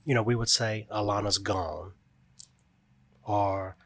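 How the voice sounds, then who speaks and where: A grieving father, appearing as a guest, talks earnestly and reflectively in casual conversation, sharing stories about raising his young son. His voice is fairly low, with fairly even intonation and a slow pace.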